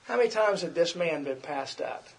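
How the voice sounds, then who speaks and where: A man's voice: a little high, animated, moderate pace. A middle-aged man preaching a conversational sermon, repeating himself and acting out quoted complaints.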